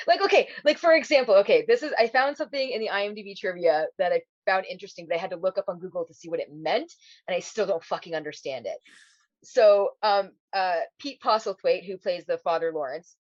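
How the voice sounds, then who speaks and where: A woman in her thirties chats on a podcast, swearing a lot and laughing between lines. Her voice sits at a middle pitch. The recording sounds dull and lo-fi, dry, with no room around it. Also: quick pace, no echo. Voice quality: swears freely, laughs often. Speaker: podcast co-host. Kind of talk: casual chat.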